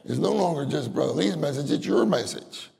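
A man's voice: fairly high pitch, a little fast, gravelly, big-room sound. An older man preaching a conversational sermon, acting out short prayers as he talks. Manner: animated, conversational, acts out prayers.

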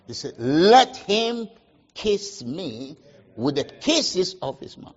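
A man preaching a sermon, asking the congregation questions and answering them, with sharp swings between loud emphasis and quiet asides. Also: high-pitched, sing-song, slow, husky, lo-fi sound. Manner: call-and-response questions, emphatic swings in loudness.

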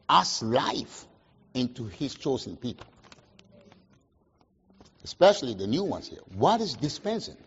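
A man preaching a sermon, asking the congregation questions and answering them, with sharp swings between loud emphasis and quiet asides. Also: on the high side, slightly rough, lo-fi sound. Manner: call-and-response questions, emphatic swings in loudness.

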